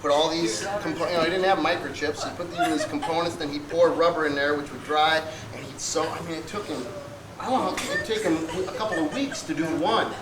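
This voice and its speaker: A man's voice: on the high side, steady tone, a little fast. A man casually telling a funny story at a birthday gathering, laughing as he talks. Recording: echoey hall with loud crowd noise.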